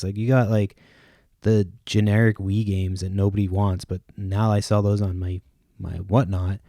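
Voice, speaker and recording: A man's voice: lowish voice, brisk, warm tone, dry recording, clean studio sound. A man hosting a solo podcast, rambling casually with lots of fillers and swearing. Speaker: podcast host.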